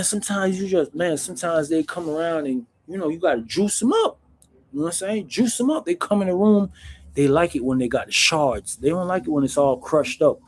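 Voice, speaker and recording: A man hosting his own channel, telling stories in a casual, animated, slangy way, calling everyone "bro". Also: on the high side, a little hiss or hum. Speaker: channel host recounting prison life. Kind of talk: casual storytelling to camera.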